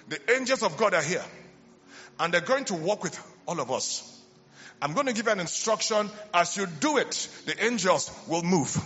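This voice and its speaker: A man preaching a healing sermon in a large church, fervent and calling out to the congregation. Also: fairly high pitch. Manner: fervent, shouting call-and-response. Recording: lo-fi church hall recording with reverb.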